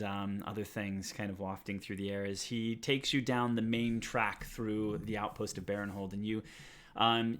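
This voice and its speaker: A man narrating a tabletop game as game master, halting with many filler sounds. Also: on the low side, a bit bright.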